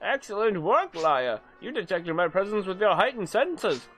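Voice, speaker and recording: Pompous lecherous old headmaster for a game read-along, put on by a man. Theatrical, mock-formal, pitched high. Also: very animated, moderate pace, fairly bright tone, soft background music. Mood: smug.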